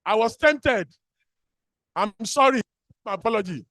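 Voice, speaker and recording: A man's voice: high voice, animated, a little slow, pushed and bright, dry recording, clean studio sound. A man with a Nigerian accent giving an impassioned public speech as an activist, repeating phrases for emphasis. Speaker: activist speaker at a birthday gathering.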